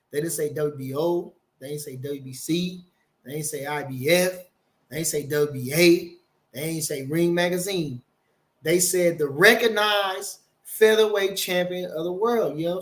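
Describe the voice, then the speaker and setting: High-voiced swearing boxing talker. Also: male voice, fairly bright tone. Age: older. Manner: swearing, rambling, emphatic, reads chat aloud. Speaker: boxing channel host. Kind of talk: casual live-stream commentary.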